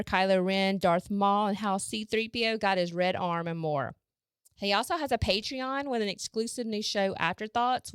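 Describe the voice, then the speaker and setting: A woman's voice: mid-range voice, clear, resonant tone, dry recording, studio quality. A woman with a Southern American accent, a podcast host reading an episode intro and spelling out web addresses. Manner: reads out links and spells web addresses slowly.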